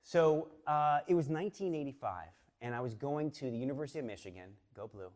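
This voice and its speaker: A fifty-something man from the Boston area tells a live audience a personal story on stage, animated and chatty, stumbling through many fillers and restarts. His voice is mid-range and his pace a little fast.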